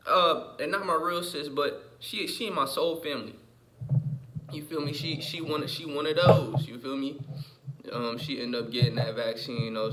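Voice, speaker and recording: A young man vlogging just after waking, his voice rough with morning, rambling in slang with restarts and repeated "you feel me?" asides. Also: medium pitch, bright, forceful tone, a little hiss or hum. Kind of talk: casual rambling monologue. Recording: echoey room.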